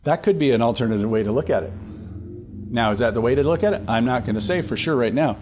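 A man's voice: mid-range voice, lively intonation, quick pace, darkish tone. A man teaching a Bible study, talking conversationally with fillers and restarts, and reading scripture aloud with rising emphasis.

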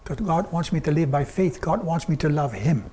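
An older man preaching a sermon, telling personal stories earnestly and quoting others in a softer, lower tone. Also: normal speed, husky. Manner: earnest storytelling, quoting God and people in softer lower tones.

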